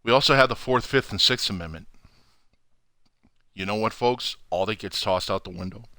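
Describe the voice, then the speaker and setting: A man hosting his own channel, ranting furiously to camera from home with heavy swearing and loud outbursts. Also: fairly low pitch, normal speed, no room sound, studio quality. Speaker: channel host. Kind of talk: angry profane rant to camera.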